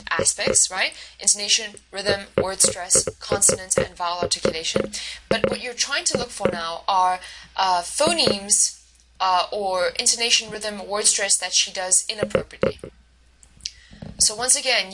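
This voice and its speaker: A woman's voice: mid-range voice, rough recording. A woman instructor giving a recorded lecture, explaining step by step with fillers and restarts. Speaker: university instructor.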